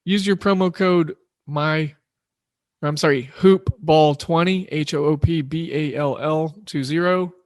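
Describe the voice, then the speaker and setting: Casual sports betting podcast host, dry sound. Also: male voice, on the high side, fairly even intonation, unhurried, dry recording. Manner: loose, rambling, self-deprecating. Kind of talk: casual solo podcast talk.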